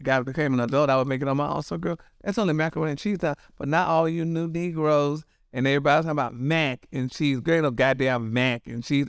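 Brief: high-pitched, smooth-voiced male gossip host, sassy and dramatic, dry close sound. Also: no echo. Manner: sassy, dramatic, keeps saying honey and girl. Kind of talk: casual gossip commentary.

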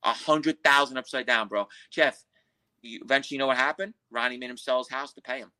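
A man's voice: mid-range voice, fast talker, sharp tone, low-quality recording. A man telling a crime story as a podcast guest, in blunt, profane street talk. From Queens, New York. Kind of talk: storytelling interview.

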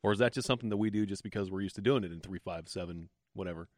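A man hosting a radio talk show, asking curious questions with halting restarts and encouraging his guests. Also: sits low, no echo, studio quality. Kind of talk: casual radio interview.

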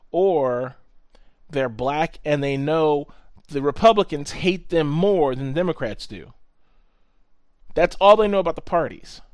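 A man's voice: on the high side, dry recording, clean studio sound. A man co-hosting a podcast in casual chat, talking in a profane, sarcastic, ranting way. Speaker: podcast co-host.

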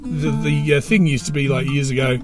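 A man's voice: on the high side, steady tone, a little fast, music in the background. An Australian man delivering a rambling comic monologue with wry, sardonic asides.

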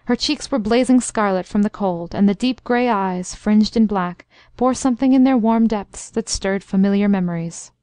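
A woman narrates a classic story in an even, measured storybook manner. Her voice sits in a middle range and the recording is dry and close. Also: medium pitch, no echo. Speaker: audiobook narrator.

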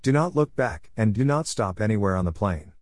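A man's voice: on the low side, expressive, a little fast, darkish tone, no echo, lightly acted. A man reading the urgent commands of stern messengers.

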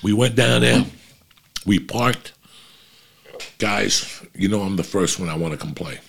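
Middle-aged male podcast host, deep and husky, profane rambling storyteller. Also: a little slow. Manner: profane, rambling, animated anecdotes.

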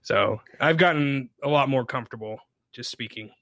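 A man talks in a relaxed, rambling way, full of fillers. His voice sounds bright and forward at a middle pitch. He is recorded close and dry, with no room echo. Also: normal speed. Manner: relaxed, chatty, many fillers. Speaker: podcaster guest. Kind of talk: casual podcast chat.

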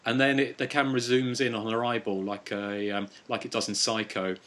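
A man's voice: mid-range voice, flat delivery, fairly quick, a bit bright. A man hosting a casual podcast, talking about horror films in a rambling way with many fillers. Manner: rambling, chuckling, quotes films with mock moans. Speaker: podcast host.

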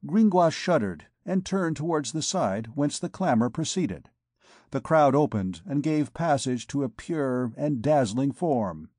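A man narrating a classic novel in a measured audiobook reading. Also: medium pitch, expressive, warm tone, no room sound, studio quality. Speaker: audiobook reader. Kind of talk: scripted narration.

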